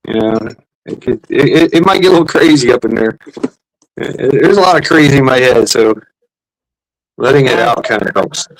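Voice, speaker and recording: Man, casual stream co-host, rambling crude joker, mid-pitched. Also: lively intonation, moderate pace, pauses often, dry recording, low-quality recording. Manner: rambling, jokey, crude humor. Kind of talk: casual chat.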